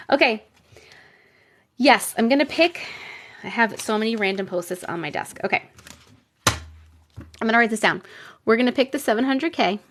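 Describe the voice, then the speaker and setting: Lively New York woman hosting a livestream. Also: fairly high pitch. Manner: animated, exclaiming and laughing often. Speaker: live stream host reading viewer stories. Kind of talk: casual live stream chat.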